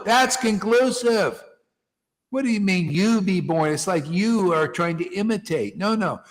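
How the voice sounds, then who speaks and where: A man leading a devotional gathering, preaching informally with emphatic rhetorical questions that rise to near shouts. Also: high voice, normal speed, big-room sound. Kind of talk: informal preaching to a small group.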